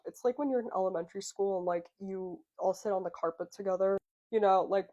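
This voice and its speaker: A woman's voice: fairly low pitch, dark tone. A young woman casually recapping a reality show, chatty and sarcastic, swearing freely.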